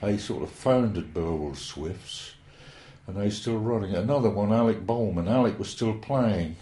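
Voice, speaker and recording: An elderly man tells old stories in a rambling, hesitant, folksy way. His voice sits low and mellow. The recording carries a roomy echo. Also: unhurried. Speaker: interviewee. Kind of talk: oral history reminiscence.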